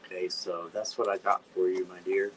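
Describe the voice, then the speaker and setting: A man's voice: deep voice, little pitch movement, brisk, a little hiss or hum. A man hosting a live-stream tarot reading, chatty and given to dramatic squeals of disgust. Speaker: tarot reader, channel host.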